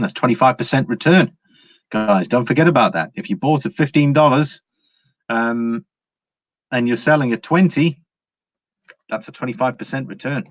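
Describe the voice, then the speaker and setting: A man's voice: medium pitch, no room sound. English guy doing a chatty live stream, lots of ums, dry dull sound from a home computer mic. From England. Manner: chatty, greets viewers by name, frequent fillers and laughs. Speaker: livestream host. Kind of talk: casual live-chat market commentary.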